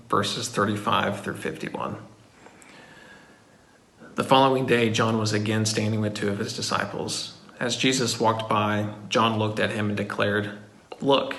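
A man reading a passage of scripture aloud in a steady, measured way. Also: fairly low pitch, gravelly. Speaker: scripture reader. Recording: echoey room.

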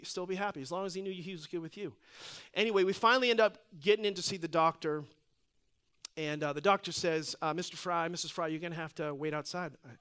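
A middle-aged man preaching a sermon, telling a personal story in an animated way that drops to hushed intensity. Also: high-pitched. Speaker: pastor.

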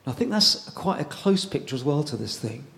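A man preaching a sermon in a conversational way, pausing often and repeating words as he goes. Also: on the high side, very animated, gravelly, a bit bright.

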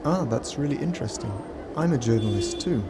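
A man's voice: medium pitch, lively intonation, brisk, music in the background, lightly acted. A man playing a young, elegant male journalist who talks in a friendly, reassuring way.

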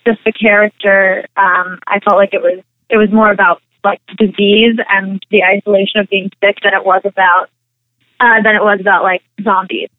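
Speaking at a normal pace and medium pitch, a young actress and singer rambles through animated stories as a guest in a casual interview, peppering them with "like" and "um." The recording is dry and sounds tinny, like a phone line.

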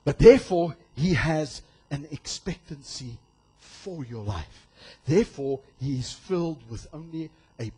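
A male pastor preaching a sermon in an animated way, acting out voices and shouting for emphasis. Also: mid-range voice, breathy edge.

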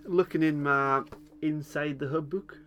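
A man's voice: a little high, fairly even intonation, unhurried, a bit bright, slight background noise. A man hosting a casual podcast chat, recapping a TV episode with frequent chuckles and hesitant ums. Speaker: podcast host.

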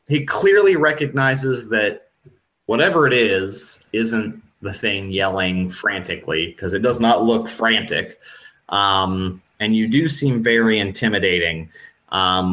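A man narrates a tabletop role-playing scene as game master. His speech is slow and hesitant, full of fillers, and his voice has a bright, forward tone. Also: fairly low pitch. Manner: hesitant, full of ums and restarts.

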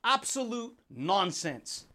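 A man hosting a motivational podcast, talking in an energetic, slangy way and putting on quick voices for the people he quotes. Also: sits high. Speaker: podcast host.

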